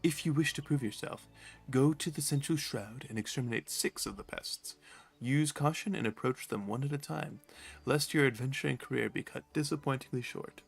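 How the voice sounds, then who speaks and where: A man's voice: mid-range voice, gravelly, husky, faint music behind. Man reading as a stern forest officer. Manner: slow, measured, formal reading.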